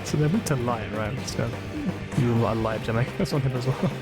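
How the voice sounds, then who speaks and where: Streamer dude, mid pitch, fed up and swearing, game music going loud behind him. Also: male voice, brisk. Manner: frustrated, swearing a lot, laughing at himself. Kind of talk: casual gameplay commentary.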